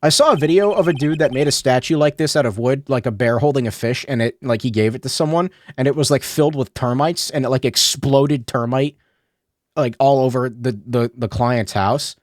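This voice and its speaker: A man's voice: medium pitch, brisk, dry recording, studio quality. A man streaming a game, rambling and swearing in casual commentary, tripping over his words.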